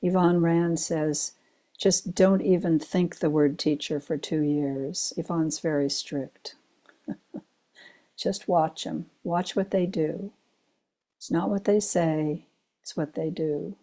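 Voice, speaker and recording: An older woman gives a dharma talk, weaving in personal stories with gentle laughs along the way. Her voice sits fairly low and sounds warm and soft. She talks slowly and takes her time. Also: steady tone. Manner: unhurried storytelling with gentle laughs. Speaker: Zen teacher giving a talk.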